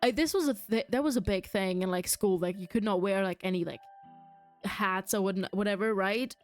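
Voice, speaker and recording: A woman's voice: medium pitch, moderate pace, faint music behind. A young adult woman streaming a game, rambling in casual chat, answering her viewers and laughing often. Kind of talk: casual chat while gaming, reading chat aloud.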